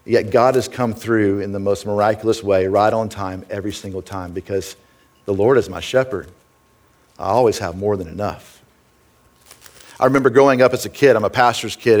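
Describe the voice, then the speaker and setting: A middle-aged man preaching from the pulpit, his voice sitting a little low. He talks in an earnest, conversational way and keeps turning to the congregation with quick asides. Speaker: pastor. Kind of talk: sermon.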